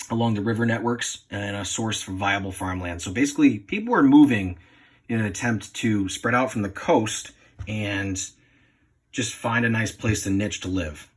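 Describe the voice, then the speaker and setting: Brief: male student from New England, low husky voice, hesitant phone-recorded presentation. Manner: hesitant, apologetic, many ums. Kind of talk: class presentation.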